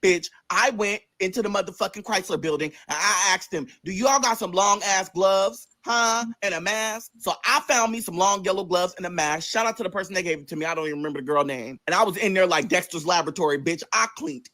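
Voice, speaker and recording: A rapid-fire vlogger tells a story in a casual, profane way. The voice jumps high without warning and slips into the other people's voices. Pitch sits mid-range overall. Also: sharp tone.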